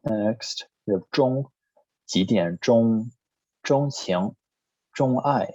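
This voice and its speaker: A man teaching a recorded language lesson, reading word lists one item at a time in a plain, steady way. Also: mid-range voice, extremely slow, dry recording. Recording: slightly dull lo-fi recording.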